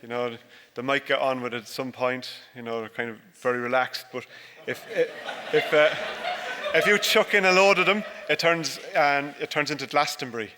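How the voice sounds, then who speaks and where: A man's voice: mid-range voice, steady tone, moderate pace, sharp tone. A dairy farmer giving a chatty, jokey conference presentation about his farm. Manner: jokey, chatty and self-deprecating. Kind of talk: informal conference presentation with slides. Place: large conference hall. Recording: long hall reverb.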